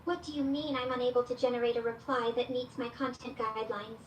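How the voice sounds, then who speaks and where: Woman voicing a fed-up ai chatbot girl, kinda high voice, reads her own stage directions out loud, echoey far-off speaker sound. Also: steady tone, fast talker, slight background noise, natural voice. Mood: exasperated. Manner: reads aloud her own stage directions before each quoted reply. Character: exasperated female AI chatbot companion. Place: played through a speaker in a room, picked up by a security camera.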